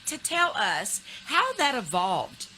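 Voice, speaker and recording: A woman's voice: fairly high pitch, wildly swooping pitch, slow, sharp tone, poor audio. A woman from Texas hosting a casual radio interview, chatty and teasing, with many fillers and restarts. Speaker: radio talk show host. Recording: AM radio broadcast with faint noise.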